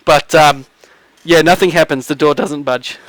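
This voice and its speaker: High-voiced man as game master. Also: fairly even intonation, moderate pace, fairly bright tone, no room sound, rough recording. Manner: rambling, with frequent restarts and laughs. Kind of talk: narrating a tabletop game.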